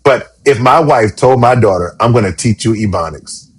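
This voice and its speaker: A man's voice: lowish voice, expressive, normal speed, breathy edge. A man from Charleston, co-hosting a podcast in casual chat and explaining his views earnestly. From Charleston, South Carolina. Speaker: podcast co-host.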